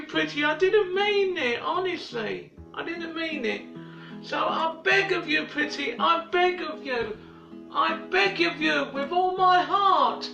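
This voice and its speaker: High-voiced man pleading in an echoey room. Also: animated, gravelly, muffled recording. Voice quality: high-pitched, repetitive, halting. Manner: begging, loops phrases, shouts apologies. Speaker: internet personality in archive clips. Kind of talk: rambling pleading video messages. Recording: echoey room, distant mic, faint music.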